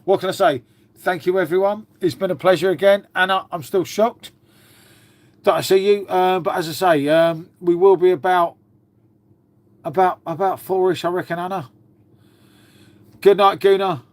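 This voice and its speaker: A man's voice: high-pitched, fairly even intonation, moderate pace, long pauses, dry recording. Chatty man on a livestream. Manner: chatty, swears freely, talks to chat and dog. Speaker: livestream host. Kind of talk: casual live chat with viewers.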